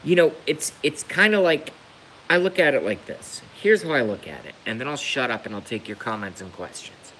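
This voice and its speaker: A man's voice: mid-range voice, lively intonation, moderate pace, sharp tone, slight background noise, poor audio. A man ranting on a live stream, emotional and emphatic, repeating his points to hammer them home. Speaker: livestreamer.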